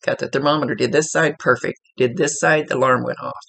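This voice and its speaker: Man, psychic medium, casual rambling reading, gravelly voice, a bit husky. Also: medium pitch, quick pace. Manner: relaxed, rambling, relaying messages aloud.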